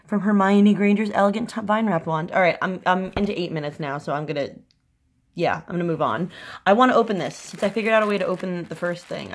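A woman in a casual unboxing vlog, excitable and gushing, her voice swinging up into squealing highs. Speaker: vlogger unboxing a fan subscription crate.

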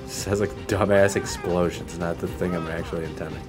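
A man's voice: deep voice, fairly quick, few pauses, darkish tone, faint music behind. A young man giving casual, profane, joking commentary while he plays a video game. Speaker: gameplay streamer.

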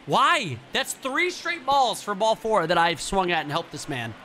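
A man hosting a gameplay commentary, excitable and profane, talking to his chat. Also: high-pitched, a little slow, slight background noise. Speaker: let's play host.

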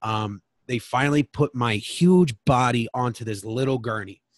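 A man speaks as a guest on a podcast, recounting his own story in a frank, emotional way and swearing freely. His voice sits at an ordinary middle pitch. The sound is close and dry, with no room echo. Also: normal speed. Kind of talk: candid personal storytelling.

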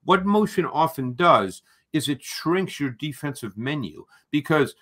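A man who is a football analyst, explaining tactics in a measured, explanatory way. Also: fairly high pitch, big pitch swings, pushed and bright.

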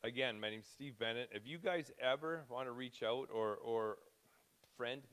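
A man's voice: mid-range voice, normal speed, fairly bright tone. A man in his fifties speaking to a congregation in a loose, chatty way. He jumps between thoughts, restarts sentences and sounds close to tears at times. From Canada. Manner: rambling, self-interrupting, emotional. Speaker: preacher. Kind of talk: informal church talk.

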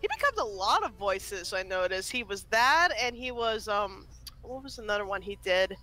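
A woman's voice: medium pitch, very animated, moderate pace, pushed and bright, faint music behind. A woman co-hosting a game stream, chatting casually and giggling as she talks. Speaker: co-host. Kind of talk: casual gameplay chat.

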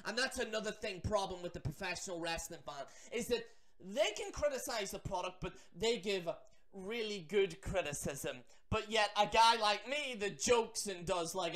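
A man ranting to the camera about wrestling fans, animated and profane, with mocking asides. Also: high-pitched. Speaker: wrestling vlogger. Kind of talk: ranting commentary.

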